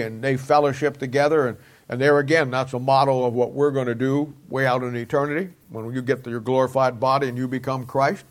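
Folksy male Bible teacher preaching. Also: medium pitch. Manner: folksy, conversational preaching with rhetorical questions. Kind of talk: sermon-style Bible lesson.

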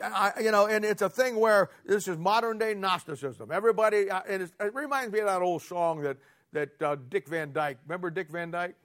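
High-voiced folksy preacher. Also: male voice, fairly bright tone. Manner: folksy, sarcastic preaching with rhetorical questions. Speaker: pastor. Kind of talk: sermon.

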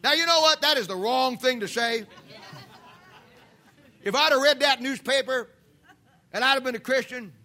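A preacher man delivering a fiery sermon, swinging between loud shouts and hushed asides. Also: very high-pitched, normal speed, pauses often, some chatter behind.

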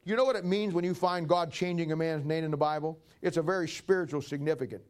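A man's voice: fairly high pitch, fast talker, clean tone. A man preaching a folksy, conversational sermon and acting out Bible stories.

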